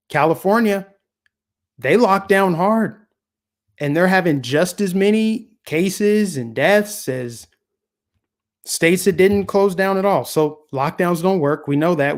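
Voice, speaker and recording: Sarcastic and casual, this solo political commentator fires off rhetorical question after rhetorical question in a slightly high voice that is starting to get scratchy.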